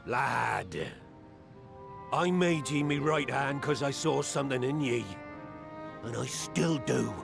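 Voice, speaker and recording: An actor playing a weathered old male pirate captain who scolds and rallies his crew in gruff pirate speech for a game cutscene. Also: medium pitch, animated, slow, pauses often, exaggerated voice. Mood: rousing. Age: older. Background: game music.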